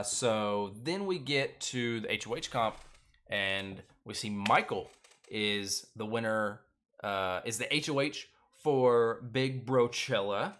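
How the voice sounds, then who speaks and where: This man hosts a reality TV recap show, talking through an episode in a casual, loose way with plenty of filler words and firm opinions. His voice is medium in pitch with a fairly bright tone.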